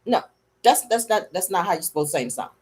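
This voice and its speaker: A woman's voice: on the low side, sing-song, fast, darkish tone, slightly rough. A woman voicing a controlling, strung-out man in a studio, dismissive and curt. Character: controlling, strung-out male music producer.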